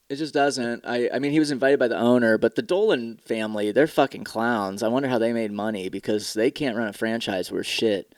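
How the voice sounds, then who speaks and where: A man's voice: medium pitch, no echo. Young male podcast host, worn out, profane and sarcastic, dry close sound. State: tired. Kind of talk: casual solo podcast rant.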